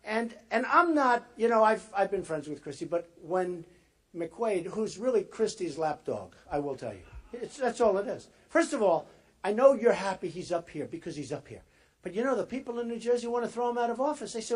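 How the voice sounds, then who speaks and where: Husky-voiced man giving a rambling rally speech. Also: high voice, big pitch swings, fairly quick. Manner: rambling and repetitive, talking straight to the crowd. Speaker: political candidate addressing a rally. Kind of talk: off-the-cuff campaign rally speech.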